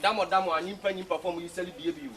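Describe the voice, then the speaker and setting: A man playing a pushy young customer with a Ghanaian accent, bargaining in rapid talk, recorded outdoors with a far mic. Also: high voice, steady tone, sharp tone.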